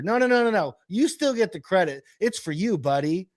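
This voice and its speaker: A man's voice: high voice, animated, fairly quick. A man co-hosting a podcast, playing clips and mocking them with amused sarcasm. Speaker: podcast co-host. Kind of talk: casual reaction chat.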